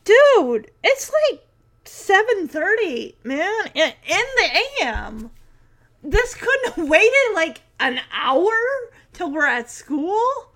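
A woman's voice: fairly high pitch, fairly even intonation, brisk, creaky, few pauses, a bit bright, heavily acted. A woman voicing an exasperated young schoolgirl with an incredulous, put-upon manner.

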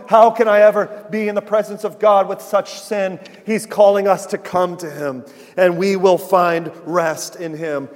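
High-voiced man preaching in an echoing hall. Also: little pitch movement, unhurried. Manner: earnest preaching, swinging from loud emphasis to hushed softness. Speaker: pastor. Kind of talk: sermon.

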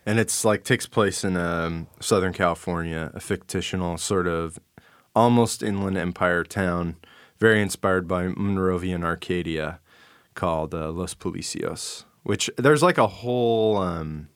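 A man's voice: low-pitched, a little slow, clean tone, dry recording, studio quality. A man from Arizona, a cartoon creator chatting casually as a podcast guest, rambling and wry, with many restarts.

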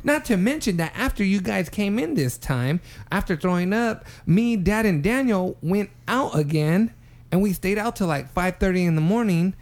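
A man's voice: high voice, normal speed. A young man casually telling a rambling, profane story on a podcast, acting out what people said. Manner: animated, profane storyteller who acts out quotes. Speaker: podcast co-host.

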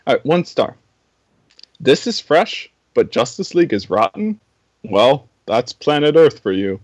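A man's voice: fairly high pitch, sing-song, measured pace, darkish tone, no echo, low-quality recording. A man co-hosting a podcast in casual chat, hesitant and stammering with a dry sense of humor. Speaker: podcast co-host.

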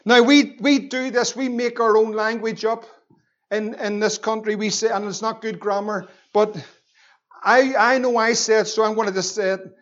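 A male pastor, preaching a sermon with passion, his voice rising to shouts on key lines. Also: sits high, steady tone, normal speed, highs cut off.

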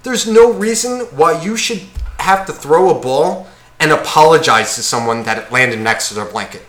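Animated, swearing New man ranting. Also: on the high side, moderate pace, echoey room. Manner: ranting, heavy swearing, acts out others. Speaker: podcast co-host. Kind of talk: casual chat.

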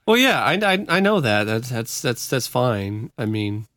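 A man's voice: medium pitch, very animated, measured pace, fairly bright tone, dry recording. A man co-hosting a podcast in casual chat, laid-back and agreeable, laughing often. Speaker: podcast co-host.

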